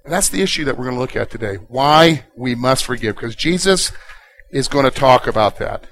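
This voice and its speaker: A man preaching a sermon as a pastor. He asks the congregation rhetorical questions and builds from calm reading to loud emphasis. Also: medium pitch, brisk, low-quality recording.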